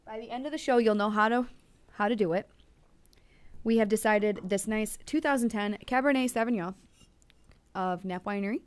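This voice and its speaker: A woman's voice: medium pitch, moderate pace, long pauses, smooth, dry recording. Bubbly young woman host, dry close sound. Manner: bubbly, gushing, lots of "um" and "so". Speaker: show host. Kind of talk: casual chat.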